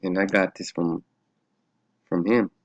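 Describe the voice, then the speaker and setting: Low-voiced man in a loose religious vlog. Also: steady tone, a little slow. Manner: loose and swearing, laughs often, thinks aloud. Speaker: religious vlogger. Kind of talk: casual religious vlog with Bible study.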